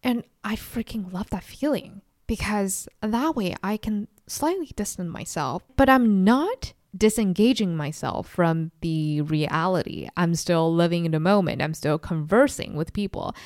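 A woman's voice: on the low side, animated, a little slow, few pauses, a little mellow, no room sound, clean studio sound. A woman in her twenties hosting a solo podcast, talking in a reflective, confiding way and sometimes mimicking people sarcastically. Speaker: podcast host.

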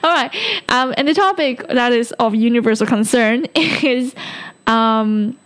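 A woman's voice: on the high side, unhurried, smooth. Giggly, rambling woman podcast host. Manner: rambling, giggly, with frequent ums. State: a little tipsy. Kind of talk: casual solo podcast monologue.

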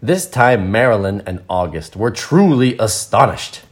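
Relaxed male storyteller, unhurried and expressive, teaching as he reads. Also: fairly low pitch. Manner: relaxed, playful, explains words plainly. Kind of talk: reading a picture book aloud with explanations.

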